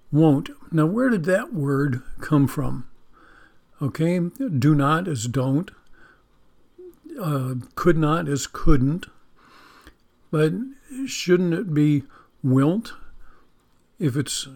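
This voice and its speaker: A man's voice: on the high side, darkish tone. A man giving a folksy Bible-teaching sermon, joking about spelling and leading a prayer. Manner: leads a spoken prayer. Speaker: preacher.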